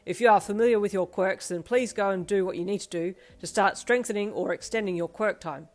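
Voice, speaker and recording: A woman voicing a strict male teacher who gives formal instructions loudly and firmly. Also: mid-range voice, brisk, faint music behind, close to an everyday voice. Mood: stern. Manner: loud, firm, formal instructions.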